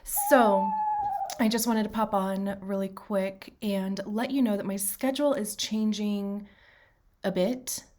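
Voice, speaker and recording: A woman's voice: medium pitch, steady tone, slow, a little mellow, slight background noise. A woman with a stuffy nose, talking chattily with many fillers as she hosts a casual tarot reading vlog. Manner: chatty, with frequent fillers and self-interruptions. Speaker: tarot reader.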